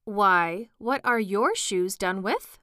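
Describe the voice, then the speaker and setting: A woman voicing an impatient, know-it-all male Gryphon in a storybook reading, brisk and solemn. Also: medium pitch, pushed and bright, clear, resonant tone, no room sound, clean studio sound.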